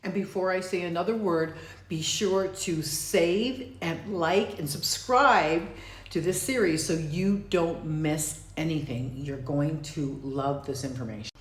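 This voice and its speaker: A woman communication coach teaching to camera, emphatic, slowing down to stress key words. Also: sits low, echoey room.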